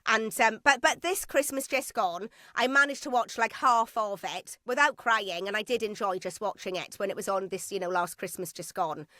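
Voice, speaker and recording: A woman's voice: mid-range voice, normal speed, hardly any pauses, sharp tone, no room sound, clean studio sound. A woman in her forties, a guest actress, telling an emotional behind-the-scenes story on a podcast, with quoted asides. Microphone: podcast studio mic.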